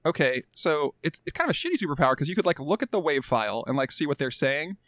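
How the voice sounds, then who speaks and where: A man's voice: fairly high pitch, very animated, quick pace, a bit bright, dry recording. A man co-hosting a podcast in casual chat, rambling, joking and swearing freely. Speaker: podcast co-host.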